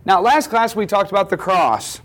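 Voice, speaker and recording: A man's voice: sits high, normal speed, fairly bright tone. A man teaching a class, lecturing in a conversational way and often checking in with questions.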